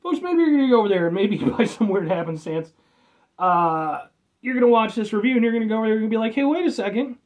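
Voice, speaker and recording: An American man reviews a soda in a loose, rambling vlog, cracking jokes and dropping the odd swear. His pitch swings widely, rising high and dropping low as he talks. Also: lively intonation, fast, a little mellow. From United States. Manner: rambling, jokey, swears casually. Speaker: food and drink reviewer.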